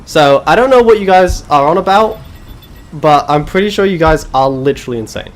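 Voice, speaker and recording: A man's voice: a little high, lively intonation, brisk, a little hiss or hum. A man streaming a game live, chatting with his viewers in a sarcastic, self-mocking, joking way. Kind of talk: live gaming stream chat.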